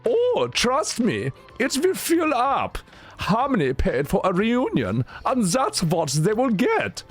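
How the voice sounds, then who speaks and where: A man voicing a smug, taunting male video game villain, drawing his words out slowly and a bit higher than his usual voice. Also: huge pitch swings, breathy edge, soft background music, exaggerated voice.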